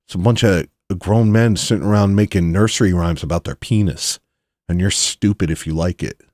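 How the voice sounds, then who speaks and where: A man with a deep, low voice rants bluntly and provocatively, tossing in mocking asides. He talks casually as a podcast host. The sound is dry and close, with no room echo. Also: normal speed, darkish tone. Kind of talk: casual opinionated monologue.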